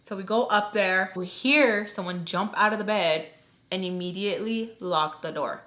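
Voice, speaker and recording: A woman's voice: mid-range voice, normal speed, fairly bright tone. A young woman tells a personal story on her vlog while doing her makeup. She talks in a loose, chatty way and leans on "like" constantly. She slips into the voices of the people in the story. Her voice sits in an ordinary middle range. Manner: chatty, heavy use of "like", acts out quoted lines. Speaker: storytime vlogger.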